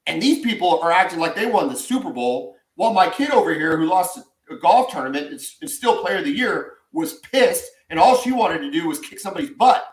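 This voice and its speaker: A man's voice: fairly high pitch, very animated, fairly quick, hardly any pauses. A man, co-hosting a sports podcast and ranting with strong opinions. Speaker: podcast co-host. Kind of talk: casual sports podcast chat. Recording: echoey room.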